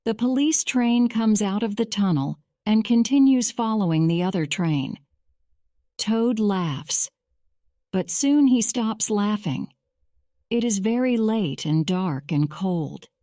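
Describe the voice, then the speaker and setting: A woman reading a simple storybook aloud for English learners, clear and deliberate. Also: mid-range voice, lively intonation, mellow, no echo, studio quality. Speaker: narrator. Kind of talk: slow scripted story narration for English learners.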